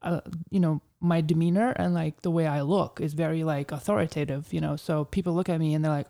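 A woman's voice: low voice, fairly even intonation, a little fast, vocal fry, hardly any pauses, mellow. A woman talking as an interview guest, chatty and telling stories with plenty of "like". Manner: chatty storyteller, heavy use of "like". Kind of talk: casual interview conversation.

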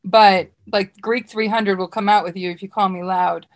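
Woman, podcast co-host, casual chat, enthusiastic, repeats words, mid pitch. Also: fairly even intonation, normal speed. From United States.

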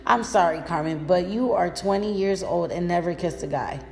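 A woman's voice: fairly low pitch, normal speed, soft background music, close to an everyday voice. A woman voicing a bubbly, teasing young female roommate in a read-aloud story.

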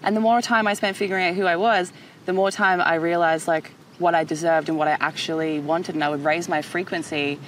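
A woman in her thirties hosting a podcast, talking in an animated, emphatic casual way and swearing freely. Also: lowish voice, fairly quick, a little hiss or hum. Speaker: podcast host. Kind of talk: casual chat.

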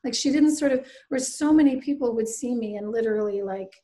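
In an interview, a bereaved mother and author in her thirties from the Canadian Maritimes tells her own story at length, earnest and reflective, slipping into the voices of the people she quotes. Her voice is fairly high and warm, and she speaks fairly quickly. The recording is rough.

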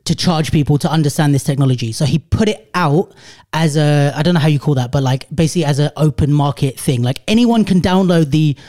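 Male podcast host, fairly high yet mellow voice, rambling casual chat with restarts. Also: fairly quick. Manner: rambling, thinks aloud with many restarts.

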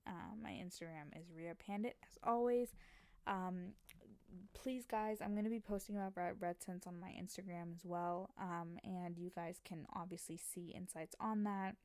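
A young adult woman hosting a podcast, chatting casually and telling stories in an excitable, animated way, acting out quoted voices. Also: fairly low pitch, moderate pace, no echo. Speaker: podcast host. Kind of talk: casual chat.

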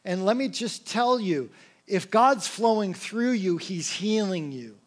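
A young male pastor delivers a sermon in a high, light voice. He talks to the congregation casually, as if chatting with friends, and he acts out quotes with lively energy. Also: unhurried. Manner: casual, conversational preaching with lively acted quotes.

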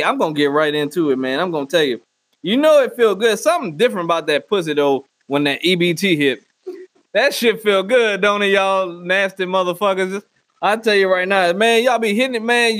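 A man delivering a loud, profane comedic rant and often slipping into mock voices. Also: sits high, a little fast, no room sound. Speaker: comedy podcast host. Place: Northwest Arkansas.

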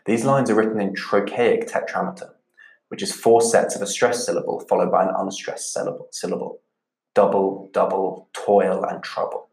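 A man teaching a literature lesson, measured and explanatory, going back over key points. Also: on the low side. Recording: echoey room.

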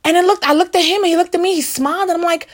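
A middle-aged woman giving a casual Christian devotional talk, animated and conversational, full of fillers and little acted-out quotes. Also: very high-pitched, very fast.

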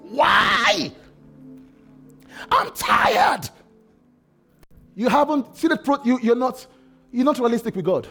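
A man preaching a sermon with passion, swinging between shouted lines and hushed, quiet ones. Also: high-pitched. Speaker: pastor.

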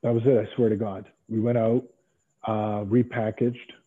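A middle-aged man telling stories as an interview guest, animated and acting out other people's lines. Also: fairly low pitch, moderate pace, slightly rough. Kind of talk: casual storytelling interview. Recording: tinny phone-like line.

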